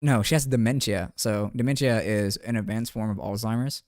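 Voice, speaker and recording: A man's voice: fairly low pitch, steady tone, normal speed, darkish tone, no room sound. Chatty young man streaming, dry sound. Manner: loose and chatty, swears, laughs often. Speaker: live streamer. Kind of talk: casual live-stream chat with viewers while gaming.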